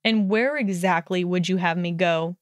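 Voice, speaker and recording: A woman's voice: fairly low pitch, normal speed, no echo, clean studio sound, natural voice. A woman playing a snide young wizard. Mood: scornful. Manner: snarling and sneering. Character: snide, hot-tempered young male wizard.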